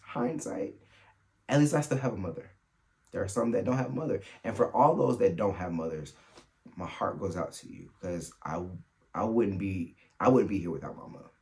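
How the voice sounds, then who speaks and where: A man hosting a solo podcast, telling funny family stories in a casual, animated way and laughing as he goes. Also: low-pitched, gravelly. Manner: animated, laughs through his stories, quick asides. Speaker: podcast host. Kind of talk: solo storytelling chat.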